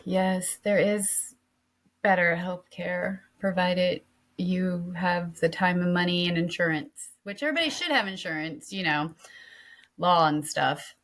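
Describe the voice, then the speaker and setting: A woman's voice: fairly low pitch, unhurried, fairly bright tone. A middle-aged woman co-hosting a podcast in casual chat, talking in a rambling way and often restarting mid-sentence. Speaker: podcast co-host.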